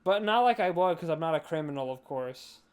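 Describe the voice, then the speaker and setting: A man's voice: a little high, animated, brisk, clear, resonant tone. Young man, drunk, podcast host, profane rambling, resonant voice. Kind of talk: casual drunk chat.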